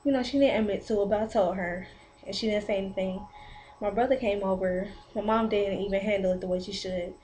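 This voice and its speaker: Teenage girl ranting, mellow low-key voice. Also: brisk, a little hiss or hum, rough recording. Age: 17 to 19, teen. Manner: rambling, animated retelling with many "like" fillers. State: pregnant. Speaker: vlogger. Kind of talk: casual storytelling vlog.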